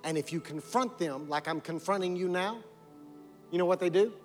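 A pastor preaching a sermon, building repeated lines into emphatic calls and dropping low to press a point. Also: male voice, normal speed. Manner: repetitive preaching cadence, rising to emphatic calls. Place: church sanctuary. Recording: long hall reverb with music.

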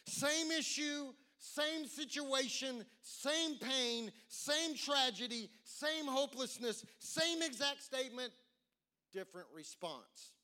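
A male pastor preaching a sermon in a dramatic way, repeating words and drawing out key phrases slowly. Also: very high-pitched, animated, sharp tone.

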